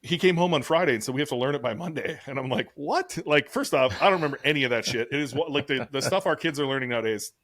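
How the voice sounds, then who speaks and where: A middle-aged man co-hosts a casual podcast chat, racing through rambling, profane anecdotes. His voice is mid-pitched and recorded dry and close, with no room sound. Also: a bit bright, no room sound. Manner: fast, rambling, profane storytelling. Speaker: podcast co-host.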